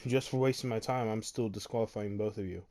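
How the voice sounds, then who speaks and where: A man's voice: fairly low pitch, fairly even intonation, a little fast, dark tone, close to an everyday voice. A man voicing a fed-up middle-aged tournament announcer who talks in irritated bluster.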